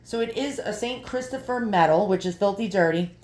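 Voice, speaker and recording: A woman in her fifties talks through a haul video in an easy, chatty way. She thinks aloud, muttering and trailing off as she squints at tiny details. Her voice sits at an ordinary pitch and rings a little in a roomy space. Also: brisk, a little mellow. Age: 50s. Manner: thinks aloud while squinting at small items. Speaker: vlogger showing an online haul.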